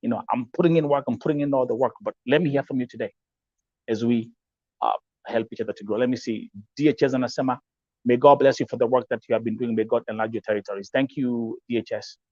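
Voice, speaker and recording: A man's voice: mid-range voice, steady tone, fast talker, a little mellow, no room sound, muffled recording. A man from Kenya with a Kenyan English accent hosts a live-stream talk show, speaking emphatically, repeating himself, mixing in Swahili phrases and reading out viewer comments.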